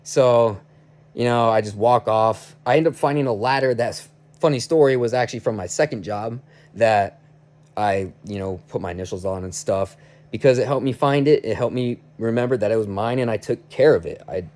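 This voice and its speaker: A man recounts a run-in at work in loose, rambling speech, restarting his sentences often. His voice sits at an ordinary middle pitch. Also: normal speed, a little mellow. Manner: rambling, restarts, heated retelling. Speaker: vlogger. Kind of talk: casual storytelling.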